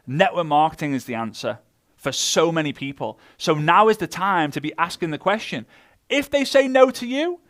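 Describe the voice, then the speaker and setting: Man, slightly high voice, energetic motivational trainer who acts out the people he quotes. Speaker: network marketing trainer. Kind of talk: motivational talk.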